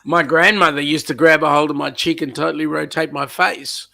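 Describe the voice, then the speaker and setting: Congested with a blocked nose from a cold, an Australian man co-hosts a casual live-stream chat, joking, teasing, and reading viewer comments aloud. The cold leaves his voice husky and low in a "sexy" way, yet his tone is bright and forceful. He speaks a little fast with fairly even intonation.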